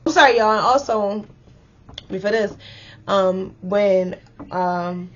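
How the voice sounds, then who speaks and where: A young woman casually telling a story to her viewers, animated and full of "like" and "y'all". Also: medium pitch, slow pace, highs cut off. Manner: chatty, animated, addresses viewers as y'all with many likes.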